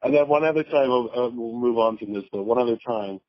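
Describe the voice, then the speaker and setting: A man's voice: medium pitch, quick pace, no echo. A man telling rambling, profane stories with laughs as a podcast guest in casual chat. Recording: dull lo-fi remote audio.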